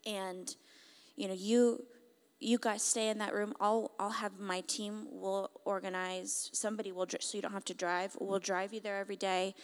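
A woman's voice: medium pitch, level tone, moderate pace, clean tone, close to an everyday voice. A woman quoting a kind, generous male minister, in a fatherly and reassuring manner. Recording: long hall reverb.

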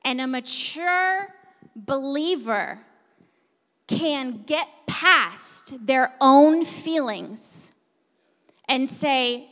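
Bright-voiced woman pastor preaching in a hall. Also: sits high, extremely slow. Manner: expressive, swings between hushed and loud preaching. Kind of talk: sermon. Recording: long hall reverb.

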